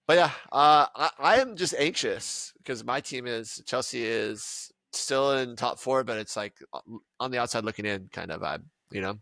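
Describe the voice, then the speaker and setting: A man's voice: mid-range voice, moderate pace, vocal fry, fairly bright tone, dry recording. A man hosting a casual sports podcast, rambling and often trailing off to restart his sentences. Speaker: podcast host.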